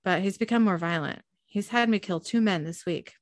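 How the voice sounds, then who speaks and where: Gentle fairy, soft and troubled; a woman reads her in a storybook reading. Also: mid-range voice, moderate pace, no room sound, close to an everyday voice.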